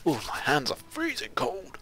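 A man putting on a French accent to voice a shouting ship officer giving battle orders in a game. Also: huge pitch swings, normal speed, soft background music, exaggerated voice. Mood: barking orders. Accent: put-on French. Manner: shouted orders, high and drawn out.

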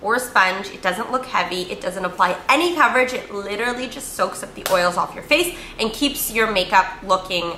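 A woman's voice: mid-range voice, expressive, fairly quick, hardly any pauses, bright, forceful tone, reverberant, a little hiss or hum. A woman beauty vlogger chatting casually through a product review, upbeat and full of fillers and repeated words.

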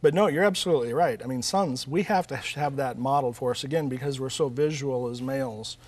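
An author appearing as an interview guest speaks fast in a mid-range male voice. He talks earnestly about faith and family, telling stories and often restarting his sentences.

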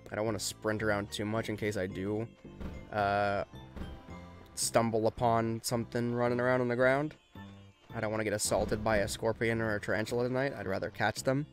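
A young man hosting a let's play, chatting casually and getting quickly frustrated, mocking himself as he goes. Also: fairly low pitch, flat delivery, faint music behind. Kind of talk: casual gameplay commentary.

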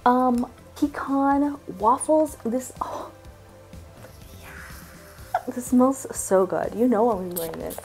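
A young woman vlogger chatting casually while unboxing gifts, excitable and gushing, saying "like" a lot. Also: fairly high pitch, takes it slowly, long pauses, soft background music. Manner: excitable, gushing, says "like" often.

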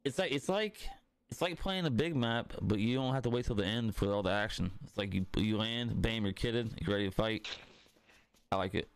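Young male gamer on a headset, lowish gravelly voice, cussing and ribbing his friends. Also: brisk. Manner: profane, joking, rambling. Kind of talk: casual party-chat banter.

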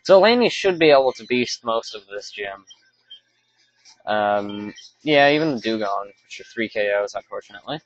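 A man's voice: on the low side, lively intonation, normal speed, muffled recording. A man giving casual, rambling commentary over his own gameplay, often stopping to correct himself. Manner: rambling, self-correcting, offhand. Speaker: let's play commentator.

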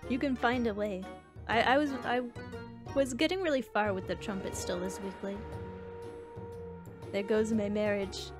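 A young woman streaming a game, chatting casually with her chat and reacting loudly to each round. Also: mid-range voice, fairly even intonation, moderate pace, long pauses. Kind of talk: casual gameplay commentary. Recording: faint background music.

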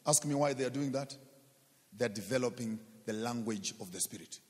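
A man's voice: mid-range voice, moderate pace. Man, preacher, sermon, emphatic, repeats himself, rhetorical questions, long hall reverb.

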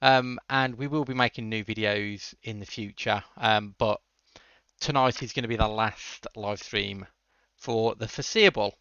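Man, livestream host, bright crisp voice, dry room, slightly dull lo-fi sound. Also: on the low side, fairly even intonation, a little slow, dry recording. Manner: answers chat questions with dry jokes. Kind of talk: casual coding livestream chat.

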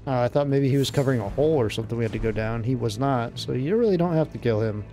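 A man giving casual, excitable let's-play commentary, blurting out exclamations as he plays. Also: mid-range voice, fast talker, soft background music. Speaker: gameplay commentator.

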